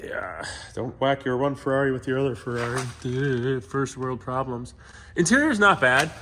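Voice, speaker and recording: A man's voice: medium pitch, animated, moderate pace, sharp tone, slight background noise. A man hosting his own car channel, talking candidly and rambling to viewers while walking through his shop. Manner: candid, rambling, talks to viewers as "you guys". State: sick. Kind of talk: casual vlog walkthrough.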